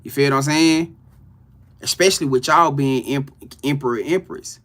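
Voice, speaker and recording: A man's voice: medium pitch, moderate pace, a bit bright. A man doing a casual live-stream tarot reading, greeting viewers and laughing often. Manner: loose, slangy, greets chat viewers by name, laughs often.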